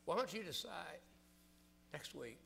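Gravelly older preacher, bright voice. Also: male voice, on the high side, animated, measured pace, slight background noise. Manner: fervent preaching, rising loud on scripture, dropping quiet for personal stories. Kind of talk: sermon.

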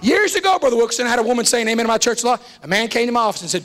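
A man preaching a fiery revival sermon as a visiting preacher, shouting and repeating lines for emphasis. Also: very high voice, sing-song, racing. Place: church sanctuary.

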